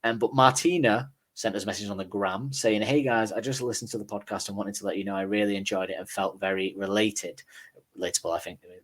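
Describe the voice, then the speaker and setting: A man's voice: lowish voice, steady tone, fast talker. A man with a Northern English accent, co-hosting a podcast and chatting casually through listener messages with an easygoing, swearing, self-deprecating manner. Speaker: podcast co-host.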